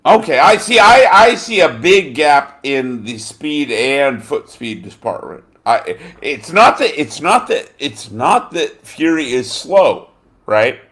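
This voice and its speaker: A man's voice: on the high side, big pitch swings, slow, fairly bright tone. This is a man hosting a loose, casual talk show in a slightly raised voice. He rambles and swears freely. He keeps losing names and filling the gaps with ums and uhs. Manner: rambling and profane, gropes for names with many fillers. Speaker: podcast host. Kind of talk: casual chat.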